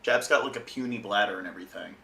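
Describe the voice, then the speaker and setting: An American man hosting a casual stream podcast, trading sardonic deadpan jokes. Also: on the low side, quick pace, gravelly, over a noisy crowd. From United States. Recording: roomy echo.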